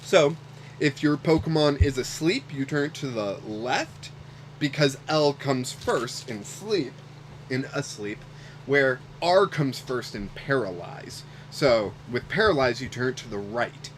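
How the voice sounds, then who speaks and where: A man's voice: medium pitch, animated, a little slow, a little hiss or hum. A man in his thirties streaming as he opens card packs, chatty and rambling with fillers. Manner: chatty, rambling with fillers, gets emotional then recovers. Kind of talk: casual livestream chat while opening card packs.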